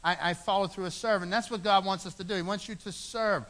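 A man's voice: high voice, fairly even intonation, fast, fairly bright tone. A middle-aged man preaching a sermon, earnest, repeating phrases for emphasis. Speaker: pastor.

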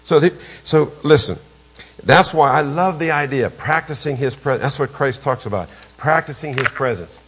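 An older man, preaching a storytelling sermon as a pastor, emphatic and jumping suddenly in pitch and volume. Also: normal speed, fairly bright tone, a little hiss or hum.

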